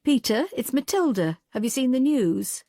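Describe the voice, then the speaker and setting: A weary woman detective speaks earnestly with a wry, tired edge, as a woman narrator voices her. The voice is warm and mellow, recorded close and dry. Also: high-pitched, very animated, moderate pace, dry recording, voice pushed up, exaggerated voice. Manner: earnest, wry and a little tearful.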